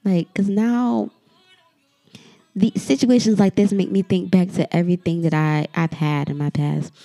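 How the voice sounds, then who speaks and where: A woman's voice: on the low side, steady tone, measured pace, gravelly, dark tone, soft background music. A woman hosting her own podcast, venting in a heated, profane solo monologue and speaking straight to her listeners. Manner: addresses listeners directly. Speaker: podcast host.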